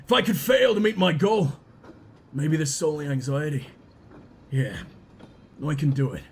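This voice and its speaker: A man putting on a lowered, dramatic voice to read the lines of an anxious young male doctor from a game. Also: animated, moderate pace, creaky, slight background noise.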